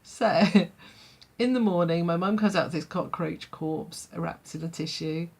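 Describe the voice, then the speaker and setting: A woman's voice: fairly low pitch, unhurried, creaky, breathy edge. A woman telling a childhood story in a vlog, chatty, full of fillers and laughing often. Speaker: vlogger.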